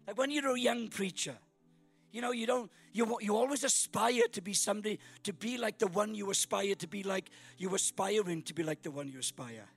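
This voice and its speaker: A middle-aged Welsh man from Wales preaching as a guest speaker at a church service, joking and bursting into shouts. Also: high-pitched, brisk, creaky, soft background music. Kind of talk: sermon.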